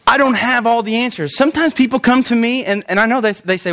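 A male pastor preaching a sermon in a church, animated and often acting out quoted voices. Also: extremely high pitch, quick pace, dry recording.

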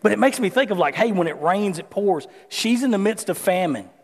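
A man's voice: sits high, lively intonation, fairly quick. A man preaching a conversational sermon, mixing scripture reading with folksy personal stories. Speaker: pastor. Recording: long hall reverb.

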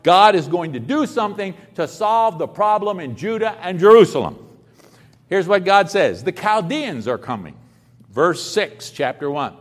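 A high-pitched man preaches with lively swings of pitch, chatting with his listeners and tossing them rhetorical questions. His voice rings out with a long reverb, as if carried through a large church hall. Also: normal speed. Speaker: pastor. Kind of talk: sermon.

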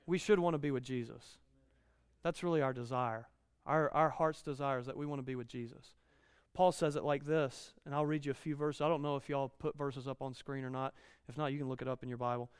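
A man's voice: mid-range voice, fairly even intonation, fairly quick, smooth, no room sound, long reverb tail. A man in his thirties preaching a conversational sermon, repeating key lines and rising in volume when he reads scripture.

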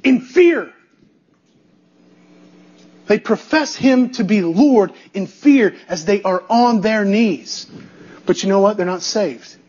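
High-voiced man preaching with emphasis. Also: animated, slow pace, pauses often, a little mellow, slightly rough, highs cut off. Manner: emphatic, repeats key phrases, asks the listeners rhetorical questions. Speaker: pastor. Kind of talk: sermon.

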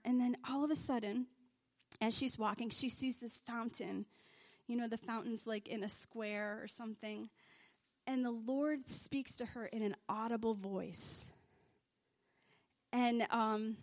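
A woman from Scotland casually telling a faith story as a sermon, rambling with many restarts and fillers. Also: fairly high pitch. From Scottish. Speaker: speaker sharing a faith story.

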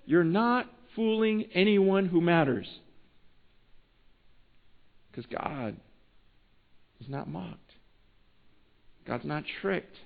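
A man preaching a sermon in a conversational way, with restarts, swinging between hushed asides and emphatic lines. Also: high-pitched, drawn-out words, creaky, long pauses. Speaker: pastor. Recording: tinny phone-like sound.

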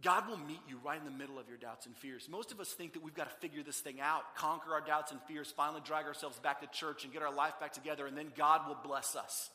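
A man preaching a sermon, telling the story with animation and swinging from loud to hushed. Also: a little high, fast, hardly any pauses, echoey room, big-room sound. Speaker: pastor.

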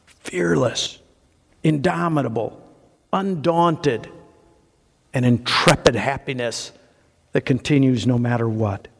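A male pastor preaching a sermon, animated and conversational, asking rhetorical questions and building long lists of words. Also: mid-range voice, slow pace, vocal fry, long pauses, husky, big-room sound.

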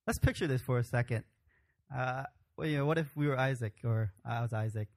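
A man's voice: medium pitch, a little fast. A man preaching a sermon in an informal, conversational way with frequent restarts. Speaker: pastor.

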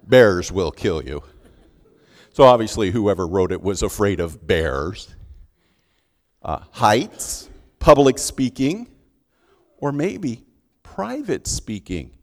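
Male pastor, sermon storyteller, deliberate pace, swinging intonation, reverberant room. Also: low voice. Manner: animated storyteller acting out scenes. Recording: long hall reverb.

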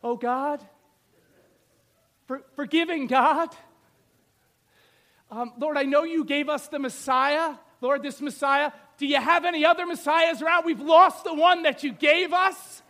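A man's voice: very high-pitched, steady tone, a little slow, pauses often, bright, forceful tone, exaggerated voice. A preacher voicing a worried husband praying in a flustered, pleading way for his lost son. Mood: anxious pleading.

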